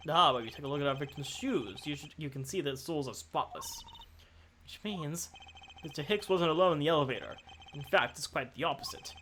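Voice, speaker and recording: A woman voicing a calm, self-assured male prosecutor, reading game dialogue aloud in a measured, formal way. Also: low-pitched, a little hiss or hum. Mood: composed.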